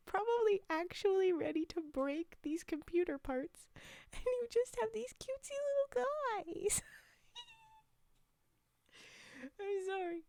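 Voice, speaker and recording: A woman streamer chatting playfully with viewers during an ASMR stream, soft-spoken, often dropping to a whisper, and giggling a lot. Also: very high-pitched, vocal fry, no echo.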